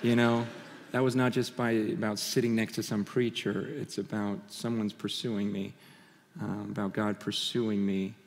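A man giving a conference sermon, telling personal stories in an animated way, full of restarts and laughter. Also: fairly low pitch, moderate pace, creaky. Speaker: conference speaker. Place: large conference hall stage. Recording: hall reverb from a large venue.

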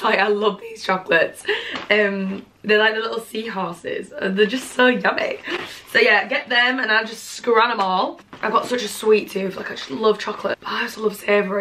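A woman, gushing excitedly through a casual gift haul at home and swearing freely. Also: medium pitch, a little hiss or hum. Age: 20s. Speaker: vlogger.

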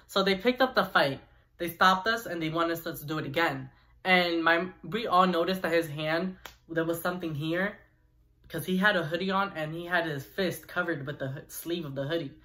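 A young man vlogger telling a personal story in an animated, chatty way with asides to viewers. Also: a little high, moderate pace. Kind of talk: storytime vlog.

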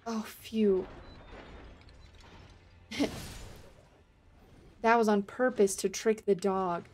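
Excitable woman streamer, slow-talking. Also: mid-range voice, a little hiss or hum. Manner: excitable, panicky, laughs and swears often. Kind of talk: live gameplay commentary.

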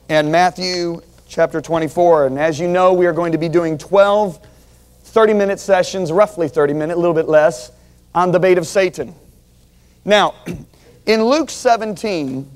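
A middle-aged man teaching a sermon, earnest and emphatic, calling on his listeners to repeat key words after him. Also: high-pitched. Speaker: Bible teacher.

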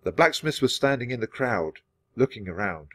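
A man's voice: medium pitch, normal speed, no echo, studio quality. Man reading a children's book aloud. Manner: clear, steady storytelling. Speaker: storybook reader.

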